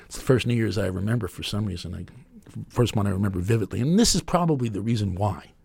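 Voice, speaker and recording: A man in his fifties telling a rambling, deadpan personal story with wry humor. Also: on the low side, creaky, husky, dry recording, studio quality.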